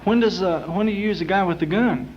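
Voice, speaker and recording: A man's voice: sits high, quick pace, voice pushed up, lightly acted. A man putting on an eager, impressed man who marvels at what he sees, heard on a muffled 1960s live recording. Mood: amazed. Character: wide-eyed impressed man, high excited voice.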